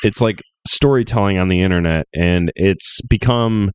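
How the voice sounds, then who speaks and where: A young man with a fairly low voice hosts a loose, crude podcast, cracking jokes and laughing as he reads a creepy story aloud. His voice is recorded close and dry, with no room around it. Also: normal speed, clear, resonant tone, dry recording. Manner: crude, joking, laughs often. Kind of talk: casual podcast chat and story reading.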